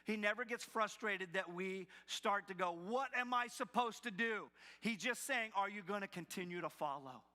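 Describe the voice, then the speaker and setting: A male pastor delivering a sermon in a church, animated as he slips into the voices of the doubters he quotes. His tone is bright and forceful, sitting a little high for a man. The sound carries a long reverb from the church hall. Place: church sanctuary.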